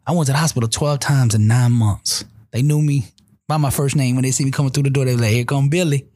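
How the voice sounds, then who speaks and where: Husky-voiced man telling a testimony. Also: medium pitch, fast, no echo, clean studio sound. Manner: animated preacher-like delivery with repetitions. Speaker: guest motivational speaker. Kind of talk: conversational storytelling testimony.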